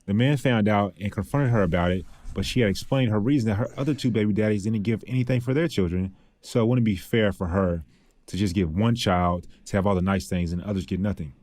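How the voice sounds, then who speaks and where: Low-voiced easygoing male podcast host. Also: fairly quick, darkish tone, dry recording. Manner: easygoing storyteller, laughs often. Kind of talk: casual chat.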